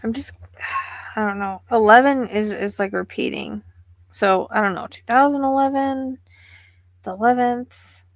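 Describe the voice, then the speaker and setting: A woman's voice: on the high side, unhurried, pauses often, no echo. Woman psychic musing aloud, dry sound. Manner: musing, tentative, thinks aloud. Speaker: psychic medium. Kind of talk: live reading stream.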